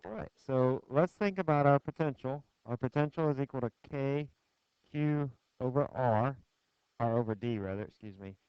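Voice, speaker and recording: A man's voice: mid-range voice, normal speed, smooth, no echo. A man giving a physics lecture, putting questions to the class in a conversational, joking way. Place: lecture hall. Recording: dull lo-fi classroom screencast audio, dry.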